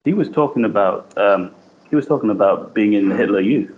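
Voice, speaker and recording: A man's voice: fairly low pitch, animated, brisk. A man chatting on a podcast in a rambling, hesitant way with many fillers. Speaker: podcast co-host. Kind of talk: casual podcast chat. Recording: dull lo-fi remote line with faint hiss.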